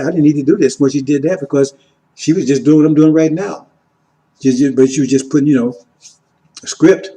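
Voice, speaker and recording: A man giving an informal teaching sermon, repeating "See?" and "right?", moving between loud emphatic lines and quiet asides. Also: on the high side, poor audio. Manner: repetitive, keeps asking "See?" and "right?". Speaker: religious teacher.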